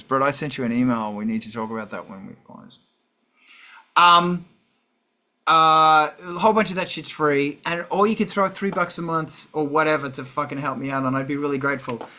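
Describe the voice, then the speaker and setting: A man's voice: fairly high pitch, sharp tone. Profane rambling Australian man. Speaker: livestream host. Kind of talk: casual live stream chat.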